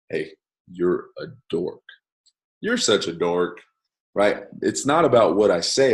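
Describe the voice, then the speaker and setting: Mężczyzna o niskim głosie prowadzący luźny wykład. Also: male voice, on the low side. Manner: conversational, many fillers and "right?" check-ins, varies loudness to demonstrate. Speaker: course instructor. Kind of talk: casual teaching monologue.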